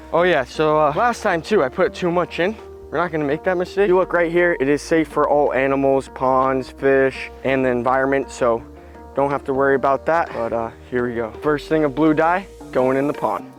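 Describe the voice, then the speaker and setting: Excitable young man vlogging outdoors. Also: on the high side. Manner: excitable, slangy, talks straight to viewers. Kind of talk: casual outdoor vlog narration. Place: backyard outdoors.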